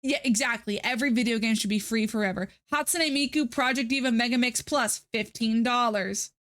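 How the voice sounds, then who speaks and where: A woman's voice: on the high side, a little fast, fairly bright tone. A young woman streamer chatting casually to her viewers, ranting with dramatic, exasperated outbursts. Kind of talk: casual live-stream chat.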